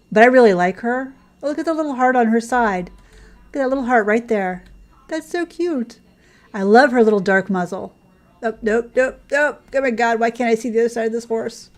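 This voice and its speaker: A woman talking through a relaxed gameplay session in a casual, rambling way. Her voice sits a little high, and she coos fondly at the horses she rides. The chat drifts easily between side stories and the game. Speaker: gaming channel host.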